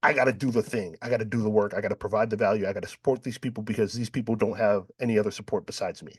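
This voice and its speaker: A man's voice: fairly low pitch, fairly even intonation, racing, breathy edge, dry recording, clean studio sound. A man from New York hosting a panel, telling a personal story and acting out the dialogue. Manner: storytelling, acts out quoted dialogue, frequent "right?". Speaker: panel host. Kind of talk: panel discussion.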